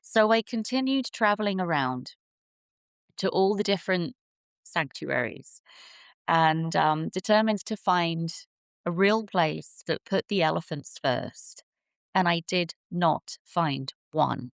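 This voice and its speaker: Speaking slowly in a creaky voice on the low side, an English-born woman in her forties, a guest and sanctuary founder, describes her sanctuary's beginnings in an interview. She tells it expressively, in an earnest and vivid way, with no room sound.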